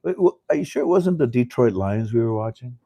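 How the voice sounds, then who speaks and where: A man's voice: mid-range voice, animated, fairly quick, mellow, dry recording, highs cut off. An older man hosting a casual monologue, rambling with chuckles and many fillers and restarts. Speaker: host.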